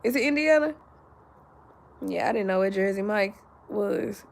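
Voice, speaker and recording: A sleepy woman hosting a casual live chat, talking slowly and straight to her viewers as she reads their comments. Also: mid-range voice, lively intonation, gravelly, slight background noise. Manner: slow and drowsy, talks straight to viewers. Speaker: livestream host reading viewer comments.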